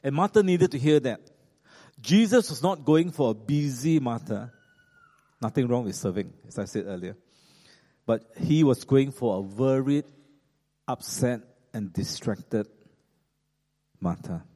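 Animated preacher man in an echoey hall. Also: mid-range voice, a little slow, pauses often. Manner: animated, frequent fillers and restarts, chuckling asides. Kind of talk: sermon.

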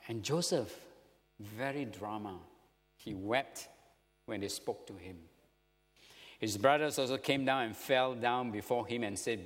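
Singaporean preacher in an echoing hall. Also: male voice, lowish voice, normal speed. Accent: Singaporean English. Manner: animated, rhetorical questions to listeners. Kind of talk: sermon. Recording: long reverb of a hall.

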